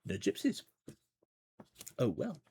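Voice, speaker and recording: A man with a dark-toned voice takes his time as he plays through a gamebook on stream. He chats and wanders off on tangents, chuckling at his own side remarks.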